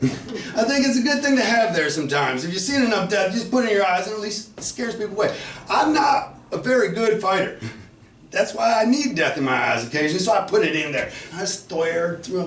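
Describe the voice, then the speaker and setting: A man from Flint, Michigan telling a profane comic story at an open mic, dropping to low mutters and bursting into shouts. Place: cafe open mic night. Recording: echoey room, mic far off, faint noise.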